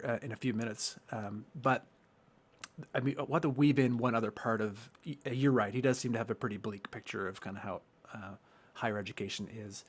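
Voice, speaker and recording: A man hosting a podcast, talking loosely and joking with his guest over a video call, with many restarts. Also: medium pitch. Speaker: podcast host.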